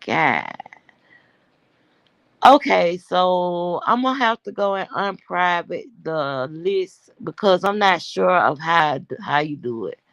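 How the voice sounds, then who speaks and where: A woman's voice: lowish voice, lively intonation, takes it slowly, vocal fry, a bit bright, dry recording. A woman hosting a livestream, brash and profane, talking straight to her chat and sounding winded and worn-voiced. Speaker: livestream host.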